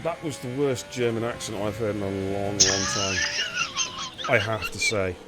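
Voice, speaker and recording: A man's voice: lowish voice, moderate pace, heavy background noise. Chatty male race commentator. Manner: chatty, teasing, greets viewers. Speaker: lead commentator and host. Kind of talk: live sim racing commentary.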